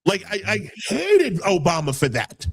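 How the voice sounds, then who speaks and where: A man's voice: high voice, huge pitch swings, measured pace, vocal fry, a bit bright. A man hosting a casual political talk show, heated and rambling, often repeating words as he builds his point. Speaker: podcast host.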